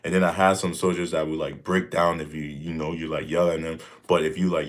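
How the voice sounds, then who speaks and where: A man's voice: a bass voice, steady tone, fairly quick, hardly any pauses. A young man hosting a casual livestream Q and A from home, talking in a laid-back, rambling, slangy way with lots of "like" and "you know". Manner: slangy and blunt. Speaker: livestream host answering questions. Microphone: desk mic.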